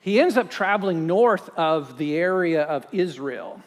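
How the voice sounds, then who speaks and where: A male pastor, preaching a sermon with animated storytelling and strings of rhetorical questions. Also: on the high side, unhurried, long reverb tail.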